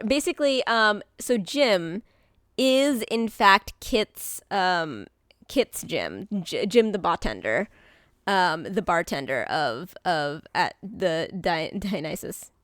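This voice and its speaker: A woman streaming live, talking casually to her chat in a rambling way, with many fillers and restarts and bubbly bursts of excitement. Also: mid-range voice, no echo, clean studio sound.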